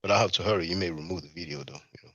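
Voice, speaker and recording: A man hosting a livestream, commenting casually and talking in a halting way with many fillers and restarts. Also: low-pitched, pushed and bright, slightly rough, no echo, lo-fi sound. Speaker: livestream host.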